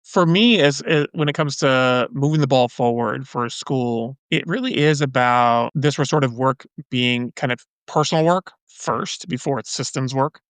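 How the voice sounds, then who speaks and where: A man's voice: mid-range voice, moderate pace, few pauses, clear, resonant tone, no room sound. A man speaking as a podcast guest in casual conversation, earnest and loose, with frequent fillers and restarts.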